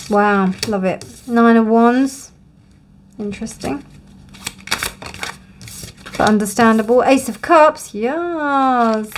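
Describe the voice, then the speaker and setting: A woman reads tarot cards straight to her viewers in a relaxed, thinking-aloud way. She reassures as she goes, filling pauses with ums and you-knows and yawning now and then. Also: a little high. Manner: musing, reassuring, thinks aloud with many fillers; yawns often during readings. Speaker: tarot reader. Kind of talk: casual tarot reading to camera.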